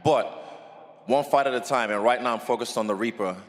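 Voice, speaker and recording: A man's voice: mid-range voice, fairly quick, long reverb tail. A man answering press conference questions as a fighter, laid-back and confident, swearing casually.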